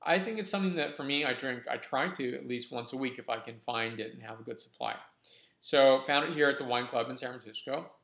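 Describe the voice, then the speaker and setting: A man hosting a casual wine review vlog, talking in a relaxed, enthusiastic way with frequent restarts. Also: mid-range voice, fairly quick, vocal fry. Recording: roomy echo.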